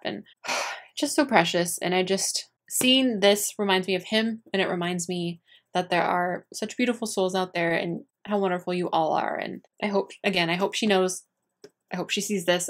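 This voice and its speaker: Chatty young woman beauty vlogger. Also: lowish voice. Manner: chatty and gushing, many fillers and restarts. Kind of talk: casual chat to camera.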